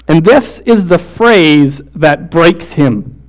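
In this sermon, a preacher with an animated voice on the high side shifts from rapid, offhand storytelling sprinkled with "like" and "right?" to quiet, slow stress on key points.

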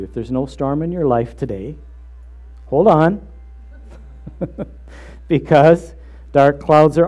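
A man preaching a sermon in an earnest, measured way, slowing down to stress key phrases. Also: mid-range voice, mellow. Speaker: pastor.

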